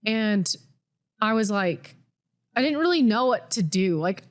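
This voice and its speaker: A woman's voice: medium pitch, expressive, measured pace. Candid young woman telling a personal story. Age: 20s. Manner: candid, filler-heavy with frequent "like". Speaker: podcast co-host.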